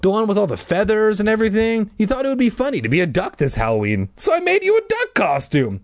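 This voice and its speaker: A man voicing a brisk, insistent middle-aged mother who is full of energy. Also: sits high, wildly swooping pitch, no room sound, clean studio sound, pitched above the performer's own voice. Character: energetic, pushy middle-aged mother, fast-talking artist.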